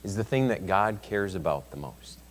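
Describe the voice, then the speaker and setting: Low-voiced male Sunday school teacher, chatty, builds emphasis, long church-room reverb. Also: lively intonation, normal speed. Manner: conversational, reads scripture aloud with rising emphasis. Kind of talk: Bible class teaching. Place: church classroom.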